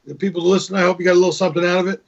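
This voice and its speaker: Over dull, lo-fi video call audio, a husky-voiced man speaks as a guest comedian in a casual interview. His voice is high and his delivery flat but racing, as he tells stories, repeats words, and slips into voices for his jokes.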